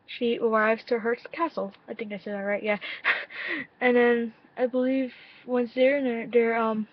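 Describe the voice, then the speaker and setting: Young woman, reaction vlogger, gushy and sweary, slightly high voice, dull dry lo-fi webcam sound. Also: steady tone, a little slow, no room sound. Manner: gushing, swears freely, quotes herself, laughs often. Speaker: vlogger reacting to a music video. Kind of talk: casual excited reaction vlog.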